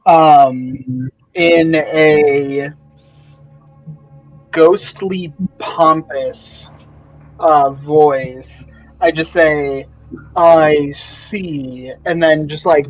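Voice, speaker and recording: A man's voice: on the high side, fairly even intonation, very slow, long pauses. A man playing a tabletop game, talking hesitantly with many fillers. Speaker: player. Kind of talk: casual tabletop play. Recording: dull lo-fi stream audio.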